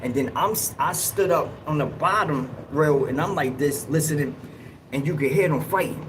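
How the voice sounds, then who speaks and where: A man hosting a livestream, telling a story in a casual, slangy, animated way and acting out what people said. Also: on the high side, normal speed, noisy background. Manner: animated, slangy, acts out quotes in raised yells. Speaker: livestream host.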